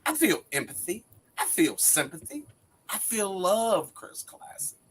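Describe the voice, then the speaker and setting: A man's voice: sits high, very animated, measured pace, a little hiss or hum. A man in his forties on a wrestling panel, bantering dramatically and preaching in a mock-wounded tone.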